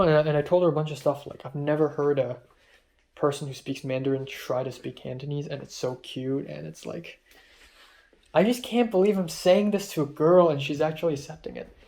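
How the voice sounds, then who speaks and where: Young man, vlog storyteller, gravelly, slightly high, rambling and tired. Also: normal speed, darkish tone. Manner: rambling, full of ums and quoted dialogue. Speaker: vlogger. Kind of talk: personal diary-style storytelling.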